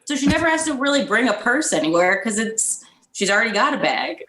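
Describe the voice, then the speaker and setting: A woman's voice: fairly high pitch, sing-song, brisk, sharp tone. A woman guest on a podcast who chats candidly and bluntly, laughing often. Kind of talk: casual conversation. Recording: echoey room sound.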